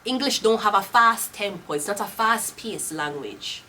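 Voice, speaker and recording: A woman's voice: medium pitch, lively intonation, moderate pace, pushed and bright, slight background noise. A woman with a Jamaican accent reading tarot cards in a casual, blunt, profane way, slipping into patois. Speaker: tarot reader. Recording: voice a bit off-mic.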